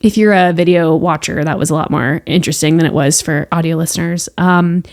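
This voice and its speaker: A woman's voice: sits low, steady tone, fairly quick, darkish tone. A woman hosting a casual solo podcast who also cares for patients. She talks in a chatty, playful and reassuring way. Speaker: podcast host; healthcare worker with patients.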